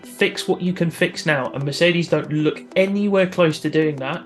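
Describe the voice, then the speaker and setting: Male co-host, slightly high voice, earnest and opinionated, halting delivery. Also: soft background music. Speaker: podcast co-host. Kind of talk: casual podcast chat.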